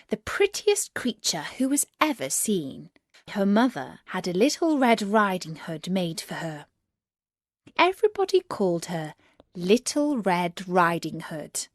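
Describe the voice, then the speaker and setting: A woman reading a fairy tale aloud as scripted storybook narration, slow and clear. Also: medium pitch, no room sound, clean studio sound.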